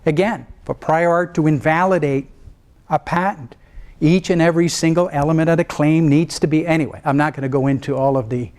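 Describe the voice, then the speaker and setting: Male guest lecturer in law, fairly high voice, casual and talky, restarts sentences, keeps asking the room if they follow. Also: steady tone, brisk, darkish tone. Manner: conversational, checks in with listeners often; restarts and trails off mid-thought.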